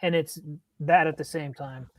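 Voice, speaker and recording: A man with a fairly high voice co-hosts a casual sports podcast. He speaks crudely and cynically, with no hedging. The recording is dry and close. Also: steady tone, normal speed, no room sound. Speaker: podcast co-host.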